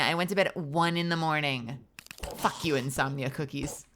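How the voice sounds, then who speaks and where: Low-voiced, swearing woman streamer. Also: moderate pace, fairly bright tone, slight background noise. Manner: loose, profane, jokey. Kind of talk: casual late-night chat.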